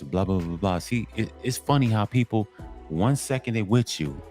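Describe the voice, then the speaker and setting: Deep-voiced man preaching at the camera. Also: normal speed, soft background music. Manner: preachy, repetitive, emphatic. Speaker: commentary channel host. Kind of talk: casual monologue addressing men.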